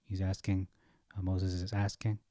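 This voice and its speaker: A man with a low, mellow voice works through scripture verse by verse. He thinks aloud, stops on fillers and corrects himself as he goes. The recording is close and dry. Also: monotone, normal speed, no echo. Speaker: Bible study teacher. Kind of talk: reading and commenting on scripture.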